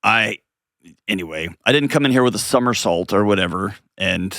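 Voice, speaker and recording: Man, call-in show host, lower voice, joking, self-mocking, dry close sound. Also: animated, moderate pace, a bit bright, no room sound. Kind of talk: call-in advice show chat.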